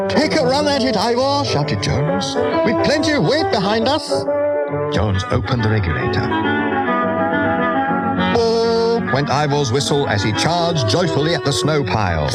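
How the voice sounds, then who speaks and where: A man reading a children's storybook aloud in an expressive, lively way. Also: mid-range voice. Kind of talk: storybook narration.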